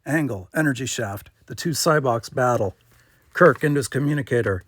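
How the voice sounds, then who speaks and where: A man reading screenplay stage directions aloud in a plain, steady manner. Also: medium pitch, moderate pace, no room sound, clean studio sound. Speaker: script reader.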